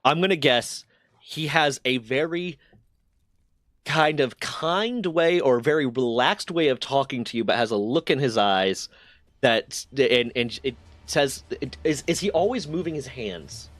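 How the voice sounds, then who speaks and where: A streamer host chats casually with a mid-range, fairly bright voice, unhurried and lively in intonation, telling stories with frequent restarts and swearing. The recording is dry and studio quality.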